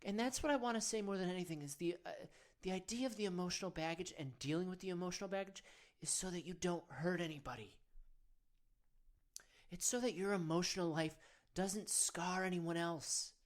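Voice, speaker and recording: A man's voice: high voice, fairly quick, close to an everyday voice. A man playing a self-serious male men's-wellness guru, leading a parody of a guided meditation in an earnest, coaxing, rambling way.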